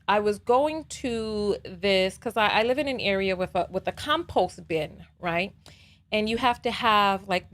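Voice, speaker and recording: A woman hosting a live call-in show, talking casually and telling stories in an animated way, leaning on "you know" and "right?". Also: mid-range voice. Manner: animated storytelling.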